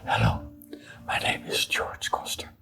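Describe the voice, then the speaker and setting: A man introduces himself in a voiceless whisper, breathy and without any tone. The clip has clear music playing behind him. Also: a little slow. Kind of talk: recorded self-introduction.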